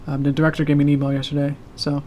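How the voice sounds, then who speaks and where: A man chatting casually on his live stream about his animation projects, with a sore, tired throat, talking haltingly with fillers and soft laughs. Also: fairly high pitch, completely flat delivery. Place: home room with a loud heater. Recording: faint heater hum behind.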